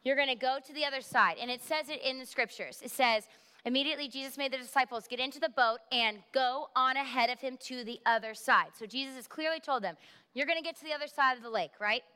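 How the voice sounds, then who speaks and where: A woman pastor delivers a sermon in a bright, crisp voice. She tells her stories with animation and acts out the voices of the people she quotes. The sound carries the long reverb of a large church hall. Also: high voice, quick pace. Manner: animated storytelling, acting out quotes.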